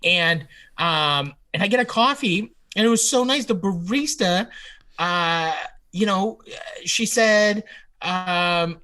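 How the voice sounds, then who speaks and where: High, bright-voiced rambling male podcaster. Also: slow, clear, resonant tone. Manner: rambling, animated storyteller. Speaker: podcast co-host. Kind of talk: casual podcast chat. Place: hotel room.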